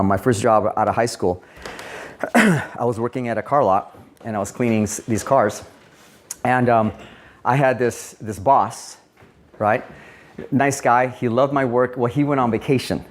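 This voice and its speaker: A man's voice: medium pitch, measured pace, long pauses. A man giving a sermon as a pastor, talking casually and telling personal stories with acted-out quotes. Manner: conversational, storytelling with quoted dialogue and asides.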